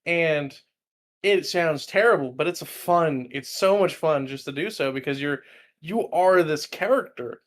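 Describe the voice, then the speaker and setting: A man's voice: fairly high pitch, measured pace. A man from California talking with enthusiasm and encouragement on a casual podcast.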